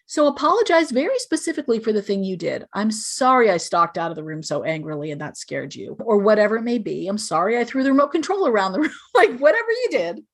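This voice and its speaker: A woman's voice: on the high side, big pitch swings, fast talker, hardly any pauses. A woman speaking as a podcast guest, giving earnest, explanatory parenting advice and acting out sample phrases parents might say. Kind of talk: podcast interview.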